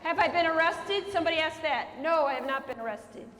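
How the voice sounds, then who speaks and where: Chatting with an audience in a prison hall after her stand-up show, a woman comedian from Minnesota and Colorado repeats their questions out loud. She speaks a little fast in a high-pitched, fairly bright voice. The hall echoes, and the crowd can be heard.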